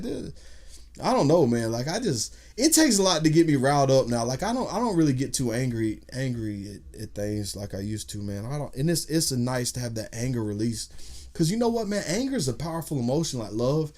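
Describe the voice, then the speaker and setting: Profane, animated man. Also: on the high side. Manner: profane, animated storyteller acting out quotes. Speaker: podcast guest. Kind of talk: casual storytelling chat.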